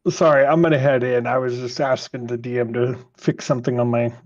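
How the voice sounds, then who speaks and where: A man playing a tabletop game, quick and self-mocking, on a dull lo-fi mic. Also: medium pitch, steady tone, darkish tone, no room sound. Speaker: player.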